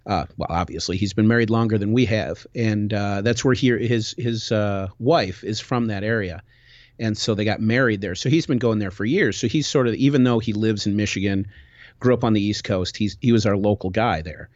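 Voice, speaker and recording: A man hosting a podcast, telling a travel story in casual chat, animated and full of restarts. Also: on the low side, fairly quick, no echo. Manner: animated, rambling with many restarts. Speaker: podcast host. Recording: dull, dry lo-fi recording.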